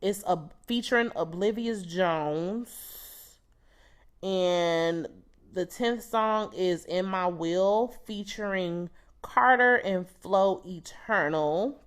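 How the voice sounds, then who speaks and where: A woman's voice: on the low side, slow, smooth. A young woman hosting a solo podcast, giving a casual, candid album review in a chatty, blunt way with some swearing. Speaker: podcast host.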